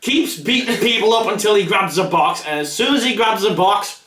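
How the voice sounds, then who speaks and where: An excitable man recapping a film, stumbling and restarting as he rushes to act out the scenes. His voice is high and swings widely in pitch. He sounds set back from the mic in an echoey room. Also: far from the mic. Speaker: co-host of a film review chat. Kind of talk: casual film review chat.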